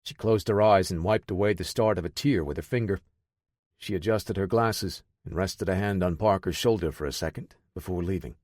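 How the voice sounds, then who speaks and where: Brief: steady male audiobook narrator, low-pitched, dry studio sound. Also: moderate pace, dry recording.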